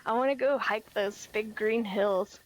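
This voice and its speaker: A woman's voice: mid-range voice, measured pace, low-quality recording. A young woman chatting casually while streaming a game, giggly and self-deprecating. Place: home, lives in California.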